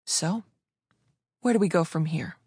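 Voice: medium pitch, measured pace, darkish tone, breathy edge, dry recording. A reader voicing a bold, cunning young woman thief who talks in a cool, teasing way.

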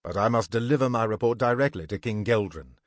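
Formal dwarf servant, read by a man, low voice, respectful, dry close sound. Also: a little fast, no room sound, lightly acted. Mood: deferential. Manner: formal, deferential. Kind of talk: storybook reading.

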